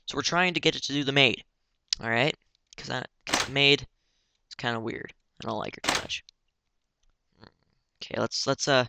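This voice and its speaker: A man's voice: medium pitch, vocal fry, pushed and bright, a little hiss or hum. A man giving casual, giggly commentary while playing a story game and reading its text aloud.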